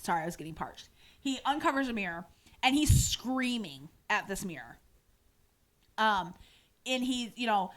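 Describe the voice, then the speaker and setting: Brief: woman podcast co-host, slightly high voice, lively rambling recap. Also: a little slow, long pauses. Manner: animated storytelling, frequent fillers and restarts. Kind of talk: casual recap of a TV episode.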